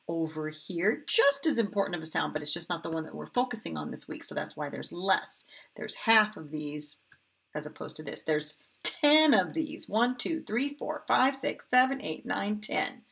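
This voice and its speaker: A woman teaching a phonics lesson to young children, cheerful and slowly sounding out each word. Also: low voice, creaky, a bit bright, breathy edge. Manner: cheerful, slow and drawn-out when sounding out words. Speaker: kindergarten teacher.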